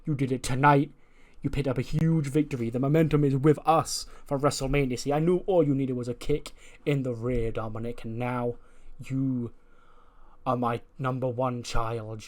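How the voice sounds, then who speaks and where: A scheming middle-aged wrestler, as a man puts him on, rousing and self-righteous. He plays the smug father of his group at a middling pitch. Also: a little mellow, close to an everyday voice.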